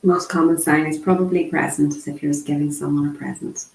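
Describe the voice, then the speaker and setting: A woman voicing a casual online sign language lesson, chatty and unhurried, with frequent ums. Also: low voice, fairly even intonation, gravelly, a little mellow. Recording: echoey room.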